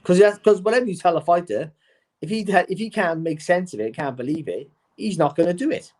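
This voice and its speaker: Animated boxing pundit, higher voice. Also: male voice, fast talker. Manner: animated, repeats words when starting a point. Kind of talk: casual podcast chat.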